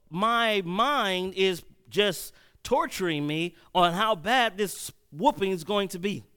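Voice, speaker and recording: A man preaching a sermon, telling a personal story and swinging between loud and hushed delivery. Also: sits high, clean tone.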